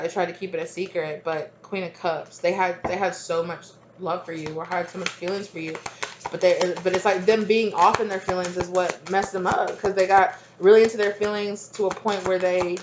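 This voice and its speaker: Tarot reader, female, low pitch, casual and rambling, quick to laugh at herself. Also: slight background noise. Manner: rambling, repeats herself, many fillers; laughs easily, chatty asides. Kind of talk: casual spoken tarot reading.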